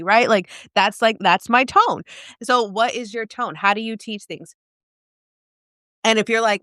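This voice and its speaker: Woman business coach, casual and direct, smooth clear voice, dry close mic. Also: mid-range voice, normal speed, fairly bright tone, no echo. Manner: casual, direct, asks many questions. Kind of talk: live video coaching talk.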